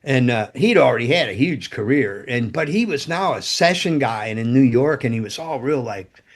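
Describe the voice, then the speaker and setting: An older man, a former rock roadie, telling stories as a podcast guest in a loose, profane, animated way. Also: mid-range voice, moderate pace. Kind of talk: casual storytelling interview.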